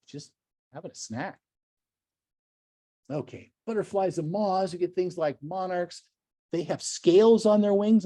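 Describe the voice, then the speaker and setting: An older man giving a lively, enthusiastic slide lecture to a club, full of chatty asides and gushing praise. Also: a little high, no echo. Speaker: naturalist lecturer.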